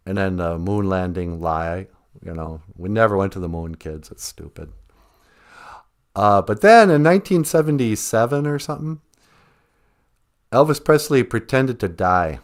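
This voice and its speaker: A man hosting a playful podcast, rambling and joking as he tells stories to kids. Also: on the low side. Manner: rambling, jokey, drawn-out storytelling. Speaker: podcast host and cartoonist. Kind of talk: playful casual podcast chat.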